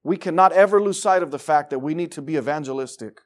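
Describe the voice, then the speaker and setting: A man preaching a sermon with fervour, swinging from low, quiet stretches to loud, emphatic bursts. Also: fast talker.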